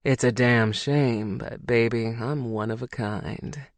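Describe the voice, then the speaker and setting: A narrator doing a low, teasing werewolf lover. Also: steady tone, slow, no echo. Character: lustful man, a werewolf lover.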